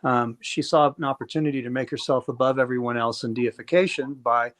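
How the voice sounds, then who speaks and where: A man's voice: medium pitch, fairly quick, fairly bright tone. Man lecturing in long run-ons. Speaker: debater. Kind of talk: conversational debate.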